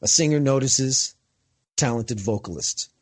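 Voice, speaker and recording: A man hosting a casual interview, telling stories in an animated way and laughing as he goes. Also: mid-range voice, unhurried, slightly rough. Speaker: podcast host.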